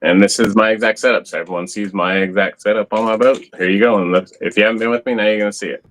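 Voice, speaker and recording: Low-voiced laid-back fishing host. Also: male voice, fairly even intonation, fast talker, a bit bright, slight background noise, rough recording. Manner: laid-back, swears casually, shows gear on camera. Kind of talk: casual fishing livestream chat.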